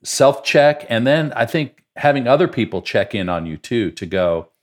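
A man's voice: medium pitch, expressive, normal speed. A man hosting a podcast conversation, talking in a reflective, encouraging way.

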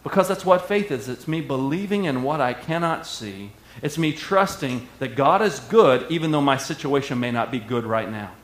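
A male pastor preaching a sermon with energetic call-and-response delivery. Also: mid-range voice, normal speed, few pauses. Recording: echoey hall.

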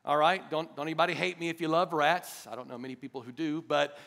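A middle-aged man preaching a sermon to his church, animated and chatty, joking with the congregation. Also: on the high side, fast talker, creaky. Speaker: pastor. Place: church hall.

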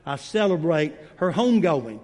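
Male preacher; high-pitched and folksy, miked in a big, reverberant sanctuary. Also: big pitch swings, normal speed. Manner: warm, folksy storytelling with many fillers. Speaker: guest preacher. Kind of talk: sermon. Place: church sanctuary. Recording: long reverb of a church hall.

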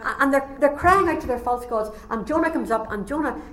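A woman preaching a sermon, telling a story with animated delivery and acting out the voices. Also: high voice, fairly quick. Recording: echoey room, faint ambience.

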